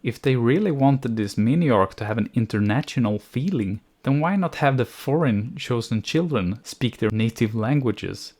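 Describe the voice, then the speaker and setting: A man's voice: medium pitch, animated, normal speed, hardly any pauses, darkish tone. A man giving scripted review commentary on an anime series, sardonic and nitpicking, with an exasperated edge.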